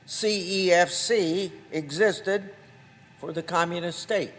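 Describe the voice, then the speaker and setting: An older man, a senator, giving a formal floor speech read from documents, with a slow, halting delivery that marks each quotation. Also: fairly high pitch. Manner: slow, deliberate, halting delivery with marked quotes. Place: large legislative chamber. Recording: long reverb of a large hall.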